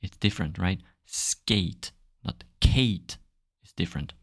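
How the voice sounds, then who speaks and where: A man with a French accent, a native French speaker, hosting a casual podcast lesson and repeating sounds aloud in a halting way. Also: low-pitched, fairly bright tone, slightly rough, dry recording, studio quality. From France. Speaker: language teacher podcast host.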